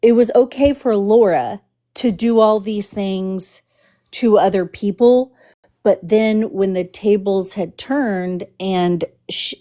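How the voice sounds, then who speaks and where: A woman's voice: medium pitch, slow pace, mellow. A woman from the Houston area hosting a casual livestream, choosing her words carefully with many restarts. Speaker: livestream host.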